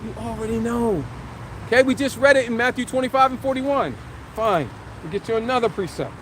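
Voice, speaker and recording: A man with a strikingly high voice preaches a live religious teaching. He talks emphatically, fires rhetorical questions and stretches and shouts the scripture he reads. Faint traffic hums behind him. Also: a little fast. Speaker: street preacher.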